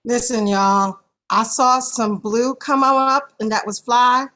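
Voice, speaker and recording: A woman's voice: a little high, a little slow, pushed and bright. An American woman announcing at an improv comedy show, slangy, playful and hammy. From United States.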